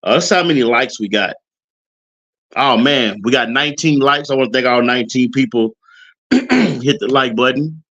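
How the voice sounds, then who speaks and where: Male stream host, mid-pitched, casual, hesitant filler-heavy delivery. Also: lo-fi sound. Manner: relaxed, halting, many fillers. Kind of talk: casual live stream chat.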